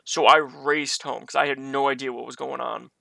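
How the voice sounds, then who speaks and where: A man's voice: mid-range voice, steady tone, normal speed, gravelly, bright, forceful tone, dry recording. A man streaming from his bedroom, telling a personal story in a rambling, conversational way with many restarts. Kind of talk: casual storytelling on a live stream.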